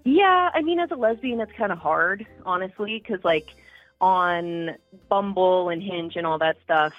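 A woman's voice: fairly low pitch, animated, measured pace, no echo, soft background music. A young Canadian woman calling in to a podcast, candid and chatty as she tells her story. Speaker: caller. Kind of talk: casual phone-in chat. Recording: tinny phone line.

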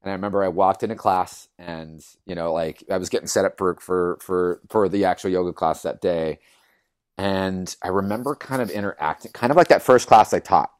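A man, a yoga teacher, telling his own story in conversation, earnest and animated, acting out the voices he quotes and leaning on lots of fillers. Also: low-pitched, fairly quick, dry recording, clean studio sound.

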